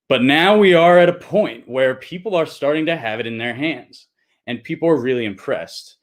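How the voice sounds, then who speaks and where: A man, co-founder of a project, hosting a live stream and talking earnestly, growing heated and insistent, with frequent restarts. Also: medium pitch. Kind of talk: unscripted livestream monologue.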